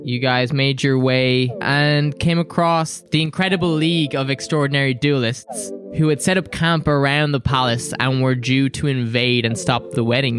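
A man's voice: mid-range voice, fairly bright tone. A man hosting a podcast and narrating as dungeon master, with a loose, jokey, chatty manner. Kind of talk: hosting and narrating a tabletop game.

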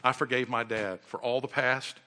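A man's voice: medium pitch, fairly even intonation, moderate pace, pushed and bright. A man preaching a sermon and earnestly guiding his congregation through a repeated prayer. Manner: earnest, repetitive, leads the congregation in call-and-response.

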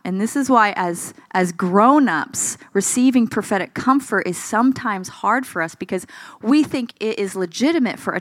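A woman preaching a sermon in a conversational, expressive way, asking the congregation questions and acting out the voices she quotes. She sounds a little tired. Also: mid-range voice, no echo.

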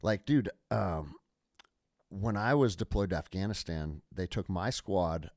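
Lively low-voiced male podcast host. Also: measured pace, no echo, clean studio sound. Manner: lively, profane, conversational. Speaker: podcast host, military veteran. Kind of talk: casual podcast conversation.

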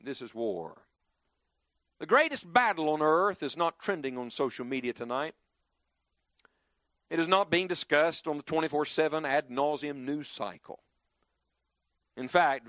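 A man's voice: a little high, a bit bright, no room sound, studio quality. A man preaching a sermon to a church congregation, swinging his voice up and down for emphasis and leading the crowd in call-and-response.

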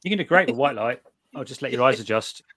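A middle-aged British man chatting casually, telling animated stories with many restarts and the odd swear word. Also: mid-range voice, quick pace, dry recording. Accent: British English. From Britain. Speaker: guest reviewer of night vision gear. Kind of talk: casual chat.

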